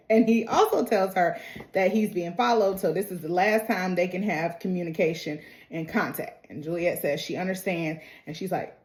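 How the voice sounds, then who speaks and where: A woman's voice: medium pitch, darkish tone. A woman giving a casual, slangy recap of a TV episode, retelling the scenes and quoting the characters' lines. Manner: chatty, slangy, retells scenes with quoted dialogue. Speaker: TV recap vlogger. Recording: roomy echo.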